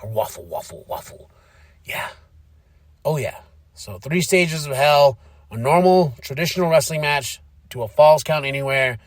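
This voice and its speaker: Male podcast host, casual and animated, slightly high voice, dry close recording. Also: unhurried, no echo. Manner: animated, acts out quotes in shifting voices. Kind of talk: casual wrestling recap.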